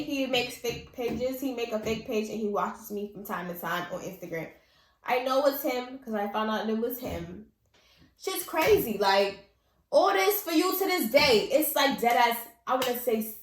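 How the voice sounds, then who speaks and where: A young woman telling a personal story in casual vlog style, animated, blunt and full of slang and swearing. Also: fairly high pitch, echoey room, slight background noise.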